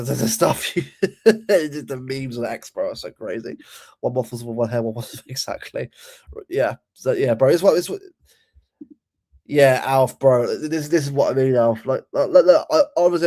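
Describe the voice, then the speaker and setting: A man's voice: mid-range voice, mellow. A young man giving a heated, sweary football rant, often repeating and restarting his words. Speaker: football channel host.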